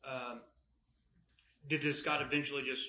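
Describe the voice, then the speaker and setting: A man examines a witness in court, asking short, methodical questions and checking details. His tone is bright and pointed. The courtroom mic leaves a roomy echo on his voice. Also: mid-range voice, flat delivery, measured pace.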